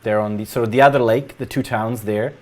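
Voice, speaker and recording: A man narrating as game master of a tabletop role-playing game, explaining in an unhurried way. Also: lowish voice, fairly even intonation, darkish tone.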